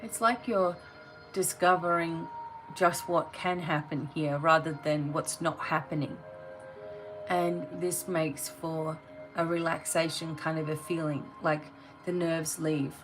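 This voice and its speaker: A woman's voice: low voice, steady tone, slow, over music, rough recording. A woman giving a tarot reading, talking straight to the viewer in a blunt, motivating way. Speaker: tarot reader.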